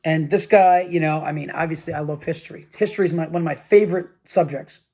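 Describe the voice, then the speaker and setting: A young man talks straight to camera in a casual, rambling monologue, a touch high in pitch. He restarts his sentences often and sounds worn out and exasperated as he tells his story. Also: fairly even intonation, fast talker, darkish tone. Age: young adult. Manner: rambling, frequent restarts and repeats. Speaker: vlog host. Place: room with a flag behind him.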